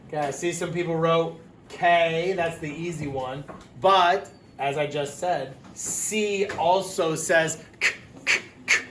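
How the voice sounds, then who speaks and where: A male teacher giving a phonics lesson to young children, sounding out letters slowly and clearly and offering encouragement. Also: on the high side, fairly even intonation, echoey room, background noise. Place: classroom.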